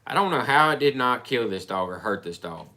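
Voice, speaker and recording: A man telling a personal story in casual chat, rambling and halting with frequent restarts. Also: medium pitch, animated, sharp tone.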